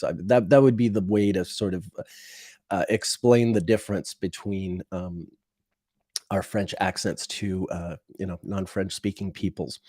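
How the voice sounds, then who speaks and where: A man hosting a casual livestream who talks in a rambling, halting way, with many fillers and restarts and wry chuckles. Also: sits low, darkish tone, dry recording, clean studio sound. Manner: chuckles through wry asides. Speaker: livestream host. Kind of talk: casual unscripted livestream talk.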